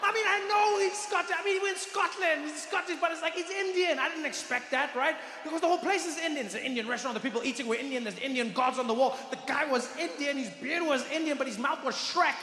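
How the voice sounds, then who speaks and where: A man performing stand-up comedy, telling a story with animated delivery that swings to shouts. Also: very high voice, fast talker, few pauses, a little hiss or hum. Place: large performance venue. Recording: roomy hall echo, venue ambience.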